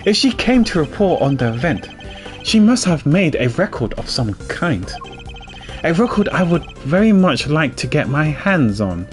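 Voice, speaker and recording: A man's voice: on the high side, sing-song, normal speed, soft background music, voice pushed up. A man voicing a cool, formal and proud male prosecutor in a pompous manner.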